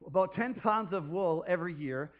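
A man's voice: sits high, expressive, moderate pace, phone-quality sound. A man preaching a sermon off the cuff as a pastor, chatty and rambling, who often laughs and throws in playful calls.

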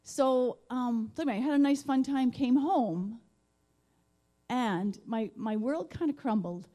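A middle-aged woman giving a halting, emotional personal testimony in church, with many fillers. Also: on the high side, mellow. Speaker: guest speaker. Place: church sanctuary.

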